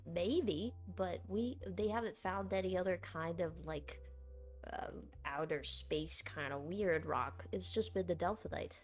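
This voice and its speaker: A woman's voice: on the low side, measured pace, soft background music. A woman playing a tabletop game, talking casually in character and hedging with many fillers. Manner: hesitant, full of fillers. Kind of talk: casual in-character role-play.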